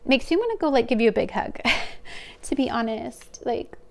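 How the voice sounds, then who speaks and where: A woman's voice: on the high side, sing-song, moderate pace. A woman giving a pick-a-card tarot reading to her viewers, talking in a hesitant, searching, heartfelt way. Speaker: tarot reader.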